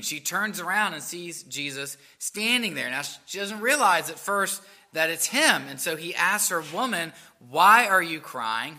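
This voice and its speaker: A pastor preaches to his congregation in a strikingly bright, forward voice set a little high. He is earnest, lifting and dropping his delivery to stress each point. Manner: earnest, rising and falling for emphasis. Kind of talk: sermon.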